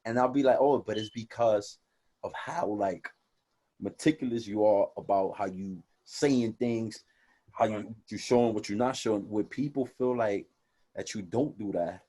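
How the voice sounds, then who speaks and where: A young man co-hosting a casual podcast, talking in animated, profane street slang and acting out quoted conversations. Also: fairly low pitch, moderate pace. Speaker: podcast co-host.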